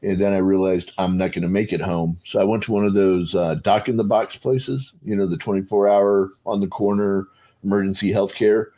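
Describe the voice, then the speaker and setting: A middle-aged man with a fairly low voice tells a long story in a loose, rambling way, full of fillers and restarts. He acts out the other people in the story with sudden jumps in voice, then drops back to his plain speech. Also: fairly even intonation, a little fast, warm tone. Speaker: panelist. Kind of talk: casual storytelling on a video call panel.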